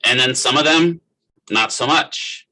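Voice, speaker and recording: A man's voice: mid-range voice, measured pace, pushed and bright, poor audio. A middle-aged man teaching a physical therapy class in a conversational lecture, often putting questions to students by name. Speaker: physical therapist assistant instructor.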